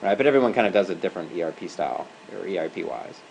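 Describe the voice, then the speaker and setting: A man's voice: sits low, expressive, rapid-fire, vocal fry, darkish tone, a little hiss or hum, rough recording. A man giving a university lecture in a classroom as an adjunct professor. He talks conversationally and keeps checking in with "right?" and "okay?".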